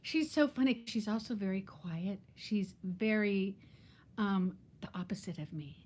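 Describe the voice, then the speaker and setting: A woman's voice: mid-range voice, measured pace, a little mellow. A woman in her fifties chatting casually on a live stream, laughing often and greeting viewers by name. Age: 50s. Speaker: vlogger hosting a live chat.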